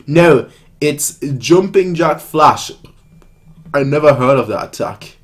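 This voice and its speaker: A man's voice: fairly high pitch, animated, takes it slowly. A man reads a manga aloud and reacts in a loose, joking way. He rambles and stumbles over his words, repeating himself as he talks. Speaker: reaction video host. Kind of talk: casual reaction commentary while reading manga aloud.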